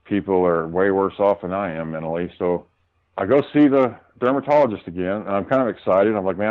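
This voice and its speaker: A man with a fairly low voice talks as a guest, retelling his arguments with heat and plenty of swearing. The sound is a little dull and lo-fi, and his talk stays casual and conversational. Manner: heated, profane retelling of arguments. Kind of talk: casual storytelling.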